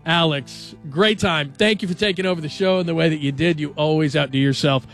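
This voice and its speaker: A male sports radio host in a radio studio, talking in a chatty, animated and jokey way. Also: on the high side, a little fast, soft background music. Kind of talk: casual sports talk.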